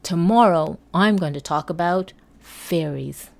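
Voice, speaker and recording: A woman's voice: fairly low pitch, a little slow, gravelly. A woman vlogger telling a personal story in a casual, chatty way, acting out each exchange as she retells it. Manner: animated storyteller who acts out each exchange in her retelling.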